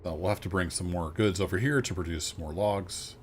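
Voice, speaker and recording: A man streaming a train game live, easygoing and self-deprecating, thinking out loud to his viewers as he plays. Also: sits low, brisk, a little hiss or hum. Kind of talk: casual live gameplay commentary.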